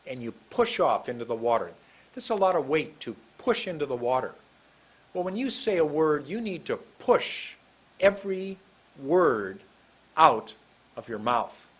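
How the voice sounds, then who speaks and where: A man teaching English pronunciation in a recorded lesson, speaking slowly and deliberately and drilling single words aloud for the learner to repeat. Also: mid-range voice, slightly rough, rough recording.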